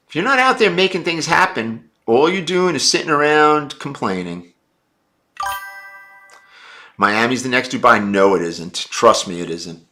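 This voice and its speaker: Blunt, brash man with a bright voice. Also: mid-range voice, expressive, unhurried, faint music behind. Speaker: livestream host answering viewer chat. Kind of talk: casual live-stream chat.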